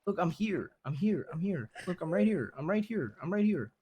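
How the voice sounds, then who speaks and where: A man's voice: sits high, big pitch swings, moderate pace, a little mellow, breathy edge, exaggerated voice. A man playing a blunt, devoted husband who pleads earnestly and repeats himself as he comforts his wife in a game role-play. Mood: soothing.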